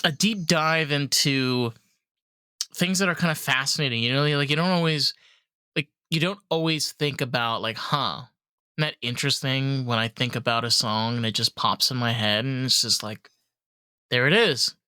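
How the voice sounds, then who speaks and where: A podcast co-host with a bright, forward voice, recorded close and dry. Talks loosely and jokingly, dropping swear words with ease. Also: medium pitch, normal speed, smooth, dry recording. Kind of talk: casual chat.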